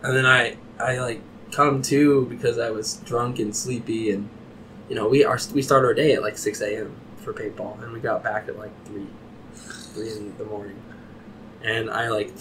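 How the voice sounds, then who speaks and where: A man's voice: medium pitch, little pitch movement, normal speed, a bit bright, a little hiss or hum. A man in his thirties, a podcast host telling a rambling drinking anecdote with lots of swearing and fillers. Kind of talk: casual storytelling.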